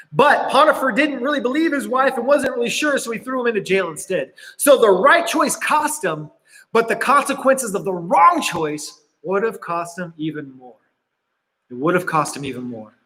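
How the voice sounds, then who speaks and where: Young guy youth pastor, high bright voice, casual and earnest, big echoey hall. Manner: casual, earnest storytelling with many fillers. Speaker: student pastor. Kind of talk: youth sermon. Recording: reverberant hall.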